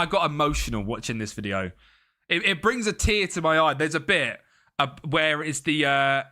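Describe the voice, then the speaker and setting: A man's voice: medium pitch, bright, forceful tone. A young man, chatting casually with his live-stream chat and greeting viewers by name.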